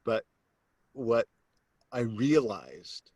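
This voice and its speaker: A man, a sales coach, telling a personal story as an interview guest, animated and acting out the voices of the people in it, then turning low and earnest to make his point. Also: drawn-out words, breathy edge, no echo. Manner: animated storyteller who acts out quoted voices; drops to a low, earnest tone when making a point.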